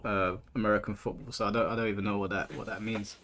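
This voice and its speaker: A man's voice: fairly low pitch, little pitch movement, quick pace, a bit bright. A man in his thirties casually chatting on a gaming stream, reading chat aloud and often repeating himself as he talks. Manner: laid-back, reads chat aloud, stumbles and repeats words. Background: game music.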